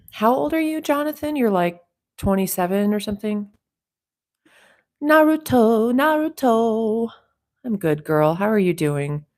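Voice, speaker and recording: A woman's voice: mid-range voice, expressive, normal speed, darkish tone. A woman hosting a casual livestream chat, reading out viewer comments and teasing them in a chatty way. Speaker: livestream host.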